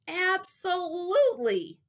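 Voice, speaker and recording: Woman doing a loud, overeager boy. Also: sits high, very animated, slow, pitched above the performer's own voice, full character voice. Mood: eager. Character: eager, nervous boy auditioning.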